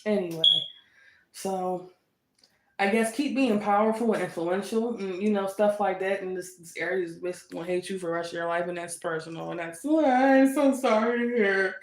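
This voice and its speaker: A woman's voice: mid-range voice, fairly quick. A woman giving a casual tarot reading, sassy and teasing, laughing often and repeating lines for emphasis. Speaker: tarot reader. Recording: roomy echo.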